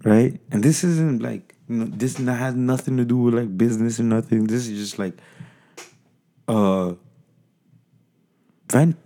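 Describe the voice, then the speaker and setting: A man's voice: mid-range voice, a little slow, long pauses, mellow. A man co-hosting a podcast, ranting in casual chat, rambling, profane and emphatic. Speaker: podcast co-host.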